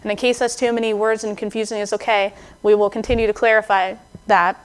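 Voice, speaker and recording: A young adult woman preaching a sermon in a conversational, expressive way, acting out the voices she quotes. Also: mid-range voice, fast talker, clear, resonant tone.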